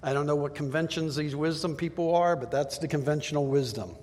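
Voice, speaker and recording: A man's voice: fairly high pitch, fairly quick, a little mellow. A man preaching a sermon in a conversational way, acting out the voices he quotes. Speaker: pastor. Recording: long hall reverb.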